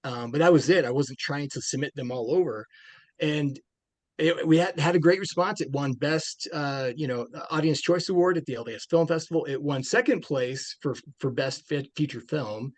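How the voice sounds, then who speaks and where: A man's voice: a little high, normal speed, no room sound. A man, a film director being interviewed, talking casually and rambling with many restarts and fillers.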